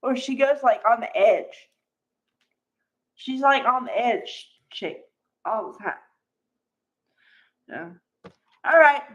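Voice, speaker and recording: A woman's voice: fairly high pitch, animated, slow, pauses often, a bit bright. A woman casually recapping a soap opera for her viewers, chatty and full of fillers and asides. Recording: dull lo-fi recording.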